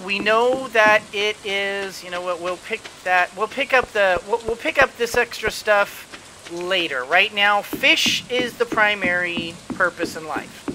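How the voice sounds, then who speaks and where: Unhurried let's play host, excited outbursts, thinking aloud, rain sound from the game behind. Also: mid-range voice, a little hiss or hum, rough recording. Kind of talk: gameplay commentary.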